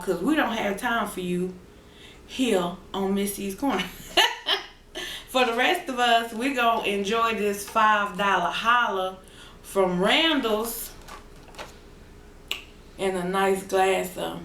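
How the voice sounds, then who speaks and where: A woman's voice: mid-range voice, fairly bright tone, echoey room, a little hiss or hum. A woman vlogger chatting casually to her viewers in a playful, sing-song way, laughing often. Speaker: mukbang vlogger. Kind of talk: casual chat to camera. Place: at home.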